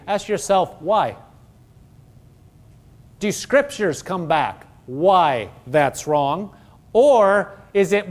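A man with a notably high-pitched voice delivers a conversational Bible teaching. He is earnest and keeps pressing listeners with rhetorical questions. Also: animated, slow pace, pauses often. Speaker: preacher.

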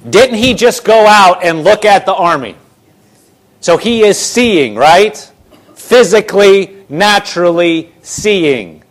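A man preaching a sermon, retelling a scripture story in casual, animated voices. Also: high-pitched, slow.

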